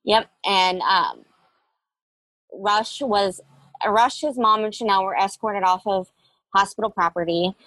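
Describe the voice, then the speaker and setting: A woman's voice: medium pitch, takes it slowly, pauses often, fairly bright tone, dry recording, rough recording. Candid young woman retelling a hard story. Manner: candid, reflective, with frequent fillers. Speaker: interview guest. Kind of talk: personal storytelling interview.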